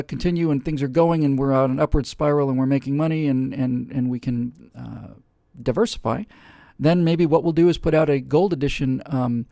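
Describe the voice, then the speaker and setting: A man's voice: medium pitch, gravelly, warm tone, no echo, clean studio sound. A man hosting a live webcast, talking casually and rambling with many fillers and restarts. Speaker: host.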